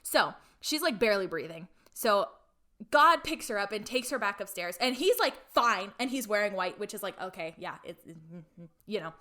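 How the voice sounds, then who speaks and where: Speaking at a medium pitch with an expressive, pushed and bright delivery, this young female podcast co-host retells a movie plot at normal speed. She chats along, leans heavily on fillers, and performs the characters' dialogue herself.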